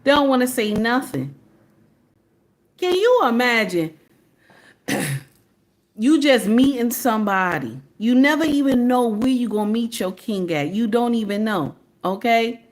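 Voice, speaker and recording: A Southern US woman in her forties hosts a livestream, casual yet preachy and sassy, addressing viewers directly as "baby" and asking "okay?". Her fairly high voice is expressive and unhurried, with frequent pauses.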